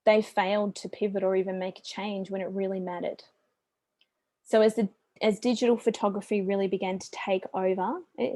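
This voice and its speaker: Brief: Australian woman, middle-aged business coach, warm mellow voice, chatty and upbeat, dry close sound. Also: mid-range voice, dry recording. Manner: chatty and upbeat, with friendly asides. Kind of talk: business presentation.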